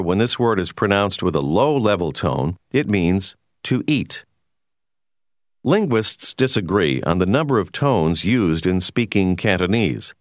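Male course narrator, deep and expressive, measured explanatory read, dry booth. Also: no echo. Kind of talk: scripted educational narration.

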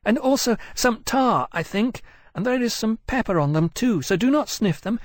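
A shrill, high-pitched female dragon frets and hurries as a man puts her on, breathless and bossy. The storybook voice comes through close and dry. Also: lively intonation, normal speed, dry recording.

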